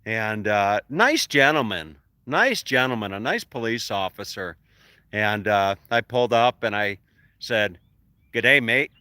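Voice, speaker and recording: A man's voice: on the low side, expressive, a little slow, pushed and bright, clean tone, no room sound. A man vlogging about his travels, rambling through a chuckling anecdote with many fillers. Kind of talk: casual storytelling to camera.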